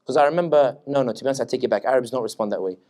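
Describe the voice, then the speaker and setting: A man's voice: medium pitch, very fast, darkish tone. A man from Tunisia with a British accent, a political analyst giving a joking, anecdotal public talk at an Islamic center. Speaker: political analyst, guest speaker.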